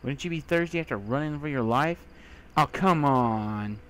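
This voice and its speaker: A young man giving let's play commentary, talking to himself and breaking into panicked shouts, over faint game music. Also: mid-range voice, expressive, normal speed, slight background noise. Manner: jumpy, talks to himself, bursts into panicked shouts. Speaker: gaming video creator.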